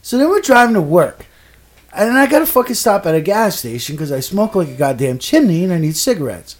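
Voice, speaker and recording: Brief: male storyteller, profane and exasperated, wide animated pitch swings. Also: a little fast. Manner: animated, swinging between low mutters and loud outbursts. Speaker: storyteller in a casual podcast. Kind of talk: casual chat.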